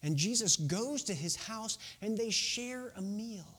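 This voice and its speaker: A man's voice: sits high, animated, unhurried, fairly bright tone, slightly rough. A man preaching a casual, conversational sermon, retelling a Bible story and checking in with "right?". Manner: sings a children's song.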